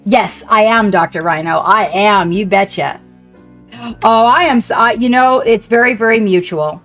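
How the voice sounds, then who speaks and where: A woman streamer chatting casually and warmly with her viewers, gushing and rambling as she paints. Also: mid-range voice, normal speed, soft background music. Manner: chatty, effusive, talks to chat. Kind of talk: casual live-stream chat.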